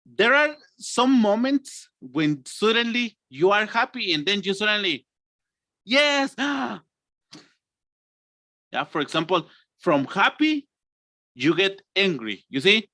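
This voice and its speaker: A man, teaching an online English lesson, acting out emotions and stretching words slowly. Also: high voice, animated, pushed and bright, no echo.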